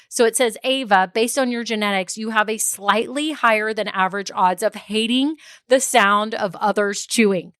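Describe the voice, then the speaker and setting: A woman's voice: mid-range voice, brisk, fairly bright tone, clean tone, no echo, studio quality. A woman, hosting a casual solo business podcast, chatty and laughing often as she goes on tangents. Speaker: podcast host and business coach.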